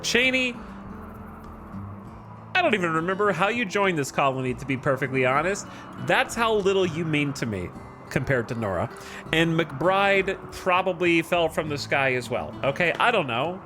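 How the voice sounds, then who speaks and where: A man's voice: fairly high pitch, very animated, moderate pace, music in the background, pitched above the performer's own voice. A man voicing an impassioned, grandiose gang-boss-style figure with a put-on Birmingham accent, delivering a scolding eulogy.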